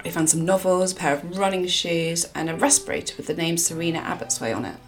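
A woman from England telling a true crime case in a casual chat, with dramatic pauses. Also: lowish voice, faint music behind.

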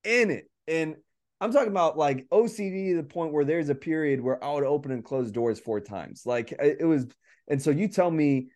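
A man's voice: on the high side, moderate pace, a little mellow. A man in casual podcast conversation who rambles, laughs often and says "like" a lot. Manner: rambling, laughing, heavy use of "like".

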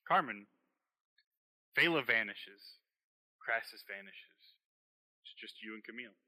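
Bright, lively male game master. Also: lowish voice, unhurried, rough recording. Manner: lively, laughs easily. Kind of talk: narrating a tabletop game.

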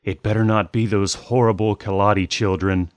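A spiteful old witch snaps and grumbles in a hoarse, deep voice, as a man puts her on. She is hunched and crabby, muttering about the neighbourhood children. The storybook reading sounds dry and close. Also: steady tone, normal speed, no room sound, close to an everyday voice. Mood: grumbling. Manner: grumbling, snappish.

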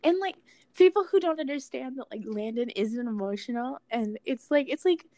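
A young woman rambles through a frank, casual chat, leaning on fillers and the odd swear word. Her voice sits a little high. The sound is dry and close, with no room echo. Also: animated, normal speed, mellow.

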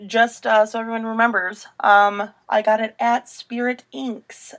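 A woman's voice: fairly high pitch, little pitch movement, unhurried, a bit bright. A young woman co-hosting a podcast in casual, giggly, rambling chat. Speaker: podcast co-host.

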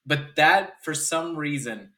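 A man's voice: a little high, slow, bright, forceful tone. A man co-hosting a podcast in casual chat, ranting in exasperation and swearing freely. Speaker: podcast co-host.

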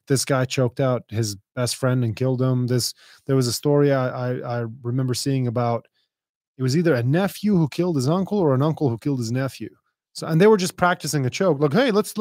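A man hosting a podcast, chatting casually and explaining things at length in a relaxed way. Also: mid-range voice, no echo, studio quality. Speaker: podcast host. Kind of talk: casual interview chat.

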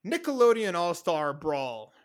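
A man hosting a podcast in casual chat, excitable and quick, swearing now and then. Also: sits high. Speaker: podcast host.

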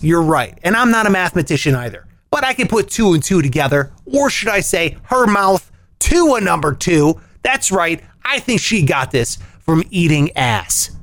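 A man hosting a comedy news rant podcast, jokey and animated, swinging his voice up and down for punchlines. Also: high voice, no room sound. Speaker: podcast host.

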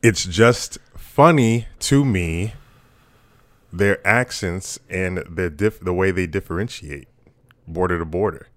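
A man's voice: low voice, slow, no echo. A man co-hosting a podcast in casual chat, swearing freely and laughing as he rambles. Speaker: podcast co-host.

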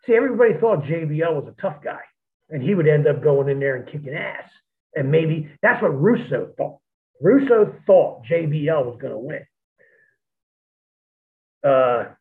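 A man's voice: a little high, big pitch swings, normal speed. A man, a former pro wrestler, telling blunt, profane anecdotes in a rambling, casual way. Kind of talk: casual storytelling. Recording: tinny phone-like line.

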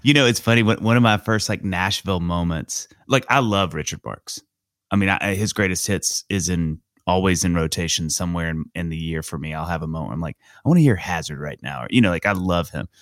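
A man in his forties with a lowish voice hosts a relaxed podcast chat. He tells his stories in an animated, enthusiastic way, and the sound is close and dry with no room around it. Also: a little fast, no room sound. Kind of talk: casual storytelling chat.

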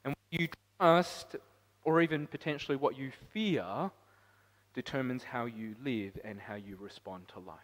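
A man preaching a sermon as pastor, climbing to loud emphatic peaks and then dropping to quiet, reflective lines. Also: medium pitch, moderate pace. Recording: long hall reverb.

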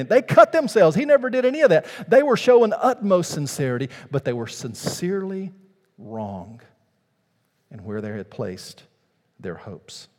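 Preaching man with swelling, echoing delivery. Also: on the high side. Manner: dramatic swings from hushed to loud, preacherly cadence. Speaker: pastor. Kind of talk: sermon.

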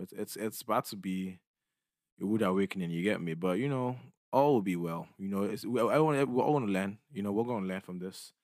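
A man's voice: on the low side, no echo, clean studio sound. A young man, rambling casually as host of his own solo podcast, slangy and loose, often checking in with his listeners. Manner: loose, slangy, rambling, keeps asking "you get me".

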